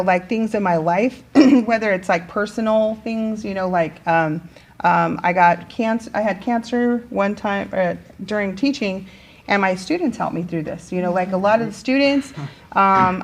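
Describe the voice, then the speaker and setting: A middle-aged woman teacher talking casually in a relaxed conversation. She speaks at an average pitch and fills her sentences with ums, likes and restarts as she thinks aloud. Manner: chatty, many fillers and restarts. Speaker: teacher and guest.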